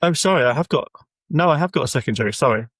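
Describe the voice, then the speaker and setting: A man's voice: medium pitch, animated, quick pace, a bit bright, slightly rough, no echo. A man co-hosting a comedy podcast in casual chat, speaking hesitantly with many restarts and apologies.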